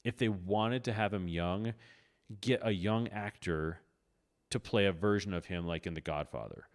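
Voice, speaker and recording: Male podcast co-host, lower voice, loose rambling chatter. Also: normal speed. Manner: rambling, many "like"s and restarts. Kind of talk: casual comedic chat.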